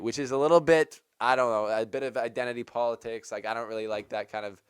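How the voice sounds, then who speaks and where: Chatty low-voiced man giving his take. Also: quick pace, hardly any pauses, clean tone, no echo, clean studio sound. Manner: chatty, rambling, heavy use of "like". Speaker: tennis channel host. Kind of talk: casual opinion commentary.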